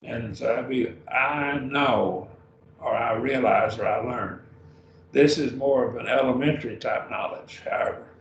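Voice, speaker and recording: A man teaching a Greek grammar class at a slow, patient pace, repeating each word form as he goes. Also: medium pitch. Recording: lo-fi roomy recording from a distance.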